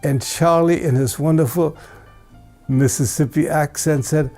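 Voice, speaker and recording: A man's voice: on the high side, fairly even intonation, unhurried, warm tone, soft background music. An older man giving a tribute speech as award presenter, telling fond anecdotes about an old friend. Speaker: award presenter, record label founder.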